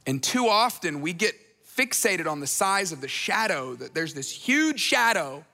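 A pastor delivers a conversational sermon, now and then dropping into playful voices for the people he quotes. His voice sits high and bright. A long hall reverb trails after each phrase. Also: very animated, unhurried.

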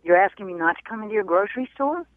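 A woman's voice: mid-range voice, animated, rapid-fire, no room sound. Indignant woman on a tinny phone line. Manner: indignant, defensive. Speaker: prank call target. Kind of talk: phone call.

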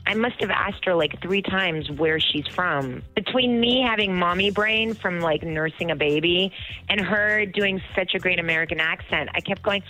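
A woman's voice: lowish voice, normal speed, bright, forceful tone, soft background music, poor audio. A woman in her forties, a guest actress chatting enthusiastically in an interview. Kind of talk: interview answers.

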